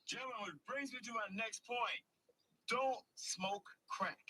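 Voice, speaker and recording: Man, slow solemn soundbite, very high voice, quiet distant clip. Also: slightly rough. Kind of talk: played soundbite.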